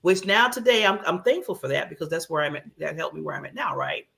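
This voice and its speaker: A woman co-hosting a talk show, swinging her pitch up and down as she tells stories. Her voice has a gravelly, fry-edged texture, and she laughs often in relaxed, casual chat. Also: quick pace. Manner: laughs often, animated storytelling.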